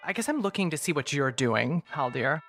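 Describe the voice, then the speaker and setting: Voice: medium pitch, very animated, a little fast, fairly bright tone, faint music behind. A player in a tabletop game, speaking in a dry, matter-of-fact way. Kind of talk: casual tabletop play.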